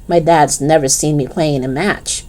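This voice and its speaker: A woman's voice: low voice, fairly even intonation, normal speed, warm tone, natural voice. A woman reading a sniffly schoolboy with a cold. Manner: sniffly, reluctant, sneezing. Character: young schoolboy with a bad cold.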